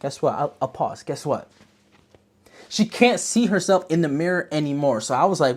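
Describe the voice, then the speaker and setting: A podcast host chatting casually about a movie, slangy and rambling, telling the story in an animated way. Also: mid-range voice, normal speed. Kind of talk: casual movie review chat.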